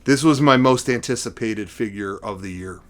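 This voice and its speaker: A middle-aged man hosting a casual collecting vlog, rambling and excitable, playing up mock emotion. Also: fairly low pitch, normal speed. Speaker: vlogger showing figure collection.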